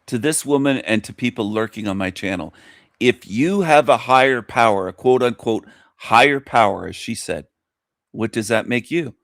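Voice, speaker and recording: A man's voice: medium pitch, lively intonation, normal speed, no room sound, studio quality. A male radio host delivering a scornful, mocking monologue to his listeners. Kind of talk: ranting monologue commentary.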